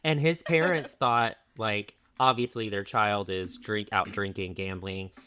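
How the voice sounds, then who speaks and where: A man's voice: lowish voice, steady tone, a little slow, bright, forceful tone, clear, resonant tone, no room sound. A man co-hosting a casual history podcast, telling the story with jokes, laughter and acted-out quotes. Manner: jokey storytelling, laughs often, acts out quotes. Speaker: podcast co-host.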